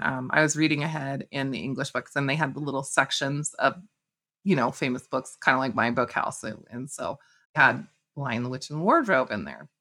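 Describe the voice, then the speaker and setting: A middle-aged woman telling personal stories in conversation, lively, acting out what people said. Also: low-pitched. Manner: animated, acts out quoted speech. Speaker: guest author. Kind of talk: conversational storytelling.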